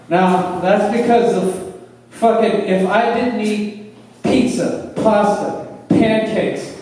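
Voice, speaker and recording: A man's voice: high voice, very slow, darkish tone. A man doing a laid-back stand-up set on a club stage, swearing casually as he talks. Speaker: stand-up comedian. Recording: echoey club from far off.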